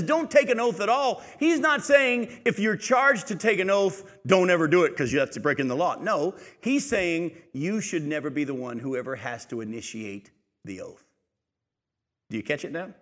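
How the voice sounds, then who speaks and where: A middle-aged man preaching a sermon as pastor, emphatic and building to loud peaks. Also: high-pitched. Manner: emphatic, rising to shouts in stories. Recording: long hall reverb.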